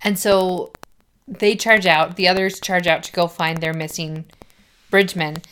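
A woman co-hosting a casual podcast, recapping a book and quoting the characters in a relaxed, chatty way. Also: on the low side, a little slow, smooth, low-quality recording. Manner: relaxed, quotes characters, guesses at theories.

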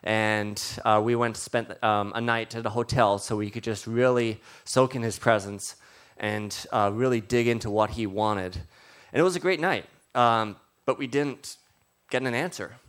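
A middle-aged man telling a faith testimony in a halting way, with many fillers. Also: medium pitch, a bit bright, clear, resonant tone. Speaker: guest sharing testimony. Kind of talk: storytelling testimony.

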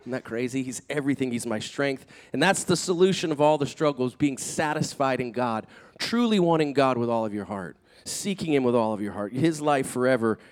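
A man preaching a sermon, telling a personal story in an earnest, animated way that builds in intensity. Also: medium pitch, moderate pace. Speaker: pastor.

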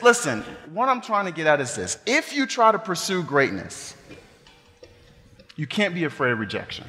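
A pastor preaching a sermon, animated and joking in asides as he speaks. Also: sits high, in a large hall.

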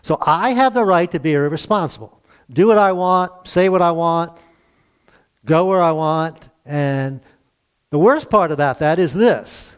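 Conversational pastor, slightly high voice. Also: male voice, lively intonation, unhurried, smooth. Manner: conversational preaching with rhetorical questions to the congregation. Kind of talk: sermon.

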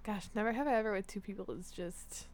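A young woman from the Niagara region of Canada co-hosting a casual podcast, telling animated stories, acting out quotes, laughing and swearing often. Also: mid-range voice, fast talker. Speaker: podcast co-host. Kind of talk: casual chat.

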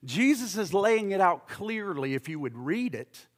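A male pastor preaching a sermon with impassioned swings from loud fervor to hushed intensity, often repeating words. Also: high voice, sing-song, measured pace.

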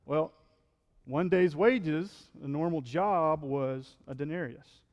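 A male pastor preaching a sermon in a relaxed, conversational way, often checking in with the congregation and acting out the quotes he reads. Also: on the high side, moderate pace, long reverb tail. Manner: conversational preaching, frequent "right?", acts out quotes.

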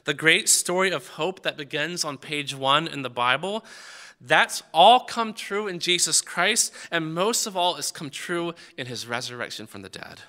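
A man delivering a sermon in a very bright, forceful voice that sits a little high. He talks conversationally and often stammers and restarts his sentences. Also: animated, normal speed. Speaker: preacher.

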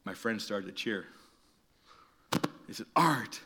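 Animated bright-voiced male preacher storyteller. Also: mid-range voice, a little fast. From Canada. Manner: animated storyteller, acts out voices and whispers for emphasis. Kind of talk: sermon with a told childhood story.

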